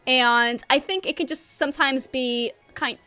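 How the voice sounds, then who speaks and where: Bubbly high-voiced young woman streamer. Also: measured pace, bright, forceful tone. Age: young adult. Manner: bubbly, chatty, laughs often. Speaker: livestreamer. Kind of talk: casual chat during a game livestream.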